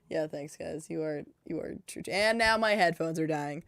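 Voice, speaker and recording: A woman's voice: low-pitched, moderate pace, few pauses, a bit bright, dry recording, clean studio sound. A woman livestreaming her game development, chatting casually into a headset and talking to herself in a flustered, self-deprecating way. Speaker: game dev streamer.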